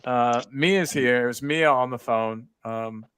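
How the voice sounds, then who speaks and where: A man's voice: mid-range voice, slow pace, fairly bright tone, clear, resonant tone, dry recording. A man hosting a casual fan call-in show, chatty and jokey, greeting viewers by name. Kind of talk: casual live-stream chat.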